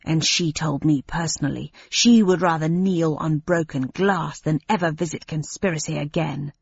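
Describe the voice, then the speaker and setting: A woman's voice: deep voice, steady tone, normal speed, gravelly, slightly rough, no echo, full character voice. Woman putting on a ranting paranoid alien ringleader. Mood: cold. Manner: ranting, thin and accusing. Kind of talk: audiobook reading. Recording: dry, slightly dull lo-fi sound.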